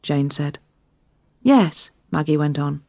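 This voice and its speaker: A woman reading a crime story aloud in a clear, measured narration for learners. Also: on the low side, darkish tone, no echo. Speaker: audiobook narrator. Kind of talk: scripted narration.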